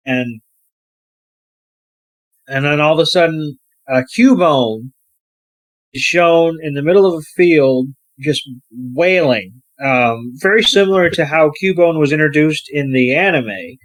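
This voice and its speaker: Slow, easygoing podcast co-host with a hesitant delivery and a higher voice. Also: male voice, a bit bright. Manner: unhurried, hesitant storytelling with fillers. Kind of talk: casual movie recap.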